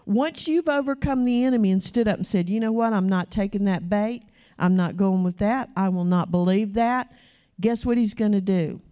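A woman's voice: medium pitch, moderate pace, clear, resonant tone, lo-fi sound. A woman pastor preaching a sermon, telling stories and acting out the people in them. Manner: animated storytelling, acting out quotes.

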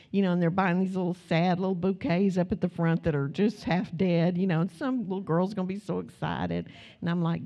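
A woman's voice: lowish voice, normal speed, vocal fry. A woman preaching a sermon in a conversational, storytelling way, acting out the people in her stories. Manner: conversational, folksy, animated in quoted retellings. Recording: dull lo-fi sound.

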